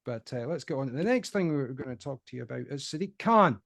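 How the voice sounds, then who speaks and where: A man's voice: medium pitch, lively intonation, quick pace, vocal fry, a bit bright, no room sound. A man hosting a casual political chat, opinionated and conversational. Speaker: host.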